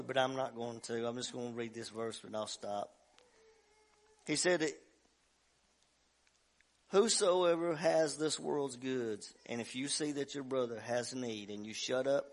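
A man preaching a sermon as pastor, telling a story in a folksy way and building to loud shouts. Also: medium pitch. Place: church sanctuary.

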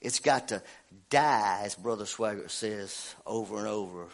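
A middle-aged man, preaching and telling a homey story in a folksy, animated way, his voice congested from a cold. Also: on the low side, unhurried, vocal fry. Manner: folksy, animated, laughs at himself. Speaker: pastor. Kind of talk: sermon with personal story.

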